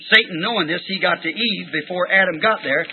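A man preaching a sermon, telling folksy stories and breaking into shouted praise. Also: high voice, fairly quick. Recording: tinny lo-fi tape recording with faint hiss.

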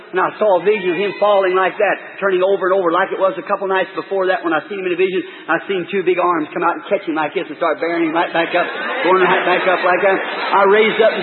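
A middle-aged man, preaching a sermon with impassioned, folksy storytelling that swings from loud to hushed. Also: high-pitched. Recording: echoey hall, thin phone-like old tape.

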